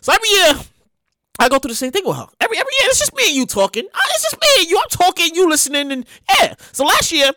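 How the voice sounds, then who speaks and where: Woman, show host, comic storytelling, very animated pitch, dry sound. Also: racing, no echo. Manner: animated, profane, repeats herself for effect.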